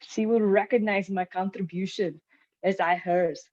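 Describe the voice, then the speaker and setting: A woman's voice: medium pitch, fairly even intonation, measured pace, a little mellow, no room sound, lo-fi sound, close to an everyday voice. A woman voicing a proud alien scion warrior with a put-on Italian accent, reading game lore aloud in a playful, declaiming way.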